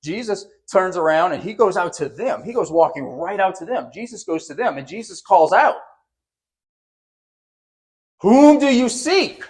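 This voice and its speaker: A man preaches with a voice a little above the usual pitch. He delivers his sermon with animation, raising his voice to act out the quotes, and he often repeats and restarts his words. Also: animated, brisk, hardly any pauses. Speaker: pastor.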